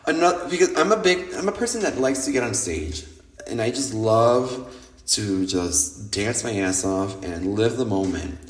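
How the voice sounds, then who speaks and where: A man hosting a podcast, telling nightlife stories in a lively, casual monologue that is full of swearing, and acting out what other people said. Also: on the low side, measured pace. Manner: animated, swears freely, acts out quoted people. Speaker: podcast host. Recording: roomy echo.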